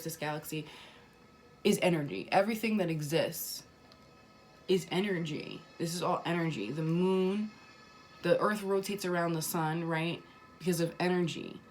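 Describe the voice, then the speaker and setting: A woman talking casually about spirituality to her viewers, emphatic and repetitive, swearing now and then. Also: fairly low pitch. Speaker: spiritual vlogger.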